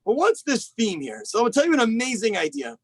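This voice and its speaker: Rabbi with a high voice preaching over a video call, a lively storyteller who acts out his quotes, dry sound. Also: a little fast, husky, dry recording, low-quality recording. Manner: animated storytelling, acts out quoted rabbis with big pitch jumps. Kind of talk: Tisha B'Av sermon.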